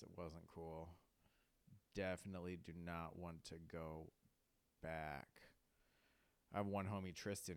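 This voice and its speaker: A man's voice: low voice, smooth, dry recording. A young man, hosting a podcast and telling rambling stories, swearing and saying "like" a lot. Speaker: podcast host. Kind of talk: casual storytelling monologue.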